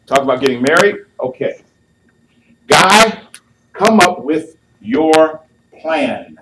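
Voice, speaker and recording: A man preaches to a youth crowd at a slow, unhurried pace. He acts out couples' lines in a playful way. His voice sounds distant from the mic, with faint noise underneath. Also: fairly high pitch, expressive. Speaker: youth speaker. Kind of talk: sermon.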